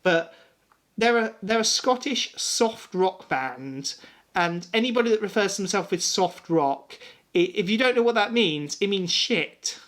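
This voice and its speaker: A man's voice: sits high, animated, measured pace, a bit bright. Guy rambling on a podcast, swears a lot, bit tipsy. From England. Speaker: podcast co-host. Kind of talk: casual chat.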